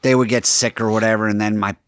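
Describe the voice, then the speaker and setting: A young man, a comedian co-hosting a podcast, telling childhood stories in a deadpan way. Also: fairly low pitch, fast, clear, resonant tone, no room sound, clean studio sound. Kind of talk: casual chat.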